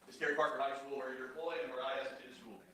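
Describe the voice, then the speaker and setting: Fast-talking prosecutor with a bright, forceful voice, formal questioning in court. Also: male voice, medium pitch, level tone, a little hiss or hum, low-quality recording. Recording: trial audio replayed on a stream.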